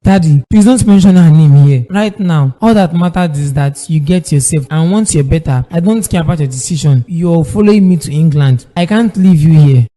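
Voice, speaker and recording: A man's voice: a little high, normal speed, hardly any pauses, warm tone, close to an everyday voice. An actor playing a distressed young man pleading over his father. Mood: anxious. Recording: long hall reverb.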